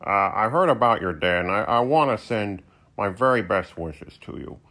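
A man doing a gruff, sarcastic heckler. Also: lowish voice, animated, normal speed, sharp tone, voice pushed down. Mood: sincere. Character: gruff sarcastic male heckler, grudgingly kind.

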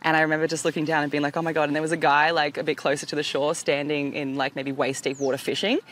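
A woman hosting a podcast outdoors by the water, telling an animated story, swearing and acting out voices. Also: sits low, fast talker. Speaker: podcast host. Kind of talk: casual storytelling chat.

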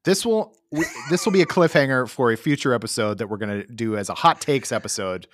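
A man's voice: mid-range voice, expressive, a little fast, fairly bright tone, no echo, clean studio sound. A man hosting a podcast in an easygoing, joking way with hesitant fillers. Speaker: podcast host. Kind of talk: casual podcast chat.

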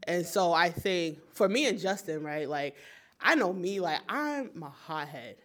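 A woman's voice: lowish voice, expressive, a little slow. Frank woman sharing advice. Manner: reflective, conversational, frank. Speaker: group participant. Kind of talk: casual group discussion.

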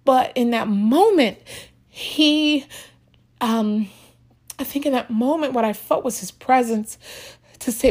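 A woman's voice: on the high side, takes it slowly, pauses often, a little mellow. A woman telling a personal faith testimony in a casual, earnest way, full of restarts and close to tears. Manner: emotional, earnest, with many restarts.

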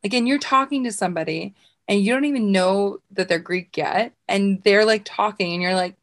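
A woman co-hosting a casual chat podcast, talking in an excitable, animated way with many fillers. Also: mid-range voice, normal speed. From North America. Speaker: podcast co-host.

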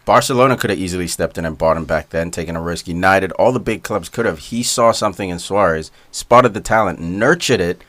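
Deep-voiced male podcast co-host, laid-back, arguing his point, dry sound. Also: brisk, hardly any pauses, fairly bright tone, no echo. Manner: argues at length, laid-back slang. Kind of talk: casual soccer banter.

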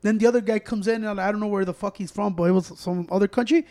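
High-voiced man, rambling bilingual banter. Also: fairly even intonation, fast talker, dark tone. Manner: rambling, profane, mixes Spanish into English. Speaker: podcast co-host. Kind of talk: casual chat.

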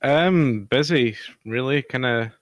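A man's voice: medium pitch, takes it slowly, no room sound. Young guy on a podcast, easygoing, swears and laughs a lot, dry sound. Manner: laid-back, laughs often, swears casually. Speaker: podcast co-host. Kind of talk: casual chat.

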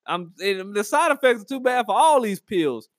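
A man riffing through a casual comedic monologue, animated and rambling, laughing at his own jokes. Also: high-pitched, moderate pace, no echo, clean studio sound. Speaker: comedic vlogger.

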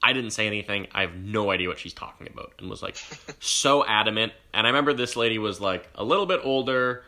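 A young adult man hosting a casual podcast chat, telling an animated story and laughing as he goes. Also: lowish voice, fast. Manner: animated storyteller who acts out quoted voices. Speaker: podcast host.

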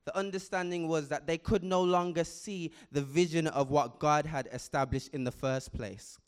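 A man preaching a sermon with impassioned delivery, building to loud emphatic peaks with frequent repetitions and restarts. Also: on the high side, fairly even intonation, moderate pace, clear, resonant tone.

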